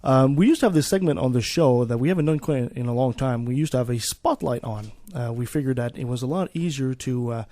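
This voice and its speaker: A man's voice: mid-range voice, a little fast, few pauses, no echo, studio quality. A man hosting a radio show, talking casually with many "uh"s as he introduces segments. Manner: relaxed, many fillers and restarts.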